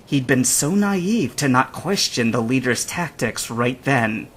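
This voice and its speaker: A man's voice: medium pitch, unhurried, slight background noise. A man narrating a fanfiction audiobook, reading expressively and voicing every character. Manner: expressive storytelling, acts all characters. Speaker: audiobook reader. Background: anime soundtrack music.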